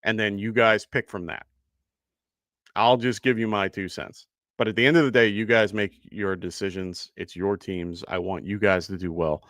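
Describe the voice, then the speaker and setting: A man hosting a live fantasy football stream, chatty and quick to laugh as he thanks viewers. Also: on the low side, steady tone, fairly bright tone, dry recording, clean studio sound. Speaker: fantasy football show host. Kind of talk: live-stream casual chat.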